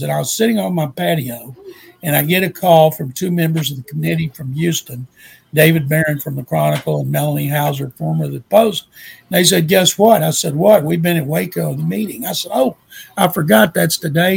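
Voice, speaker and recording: An older man from Texas with a Texan accent, telling a folksy, animated story in a speech, emotional at times. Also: a little high, vocal fry, slightly rough.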